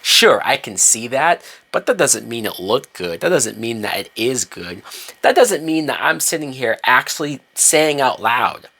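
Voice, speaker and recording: A man ranting in a movie review, heated and profane, with emphatic swings in pitch and loudness. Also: big pitch swings, unhurried, gravelly, slightly rough.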